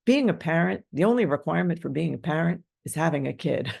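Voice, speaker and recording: A woman's voice: low-pitched, animated, fast, creaky, few pauses, a little mellow, breathy edge. A woman talking candidly and informally on a podcast, in a loose, unpolished monologue with restarts. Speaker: podcast guest speaker.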